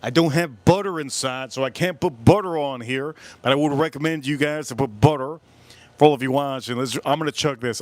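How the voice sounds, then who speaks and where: A man's voice: fairly high pitch, brisk, no room sound. A man hosting a casual live stream while cooking at a grill, talking bluntly and swearing as he gets frustrated. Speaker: livestream host cooking and drinking.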